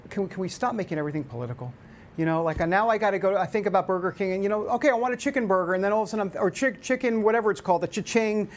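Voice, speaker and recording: A man hosting a news talk show, giving opinionated commentary in an animated, exasperated way, with many fillers and restarts. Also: high-pitched, a little hiss or hum.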